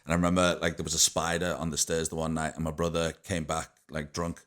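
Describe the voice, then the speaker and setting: A man's voice: extremely low pitch, completely flat delivery, fast talker, fairly bright tone. A young adult man hosting a podcast, telling stories in a rambling way with lots of fillers and swearing. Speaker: podcast host. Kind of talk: casual chat.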